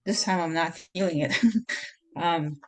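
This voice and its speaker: A woman's voice: fairly low pitch, steady tone, unhurried. A woman taking a voice lesson, hesitant and unsure as she answers her coach. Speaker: student. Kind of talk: voice lesson student.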